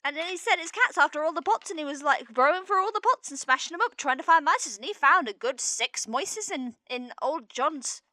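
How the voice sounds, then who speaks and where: A woman's voice: high voice, lively intonation, brisk, few pauses, sharp tone, dry recording. A woman improvising a rustic farmhand spinning a folksy yarn in country dialect, often losing the thread. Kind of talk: improvised tabletop role-play.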